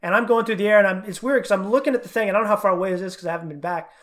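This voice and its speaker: A middle-aged man with a fairly high voice, guesting on a podcast as a coach. He talks fast and animatedly, racing through his stories in a casual chat. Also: fairly bright tone.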